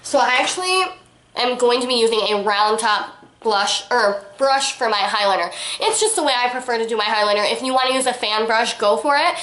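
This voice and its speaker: A woman's voice: a little high, brisk, sharp tone. A young woman reviewing makeup in a casual, gushing, chatty way, talking straight to her viewers. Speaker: beauty vlogger. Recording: echoey room.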